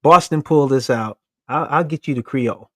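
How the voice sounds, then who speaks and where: A man's voice: medium pitch, a little fast, no echo, studio quality. A man co-hosting a casual sports talk show, joking, teasing and laughing between points. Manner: laughing, playful trash talk.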